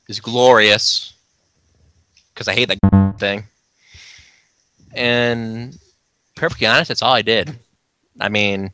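A man's voice: mid-range voice, bright, forceful tone, no room sound. A man co-hosting a casual podcast, chatting in a laid-back, tipsy way about an online game. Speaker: podcast co-host. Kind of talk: casual gaming chat.

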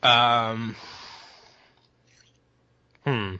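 A man's voice: medium pitch, steady tone, very slow, bright, forceful tone, clear, resonant tone, muffled recording. A man co-hosting a gaming podcast, chatting casually, often hesitant and thinking aloud. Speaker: podcast co-host. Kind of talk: casual chat.

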